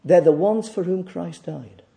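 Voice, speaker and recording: High-pitched preacher with dark tone. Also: male voice, a little slow, vocal fry. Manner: emphatic, repeats phrases for stress; swings from loud declaiming to quiet asides. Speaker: pastor. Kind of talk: sermon.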